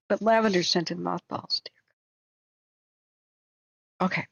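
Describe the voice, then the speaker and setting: A woman's voice: on the low side, steady tone, a little slow, no echo, lo-fi sound. A woman chatting casually on a live stream, talking emphatically and repeating words as she starts sentences, with a slightly sore voice. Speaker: wildfire-tracking live streamer. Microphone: home streaming setup.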